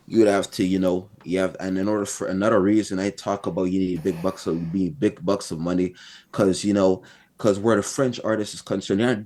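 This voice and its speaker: Young man, low voice, rambling interview guest who argues point by point. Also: darkish tone. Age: young adult. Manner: rambling, repeats phrases, builds points by number. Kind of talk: casual interview talk.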